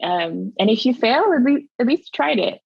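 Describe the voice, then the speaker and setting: A woman's voice: a little high, animated, normal speed, gravelly, slightly rough, dry recording, dull audio. A woman alumni panelist speaking earnestly and enthusiastically in a panel discussion.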